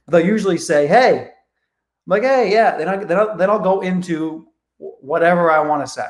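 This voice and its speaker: Man, high voice, energetic coach, swears, acts out calls, echoey room. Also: a little fast. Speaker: real estate coach. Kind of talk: live online training.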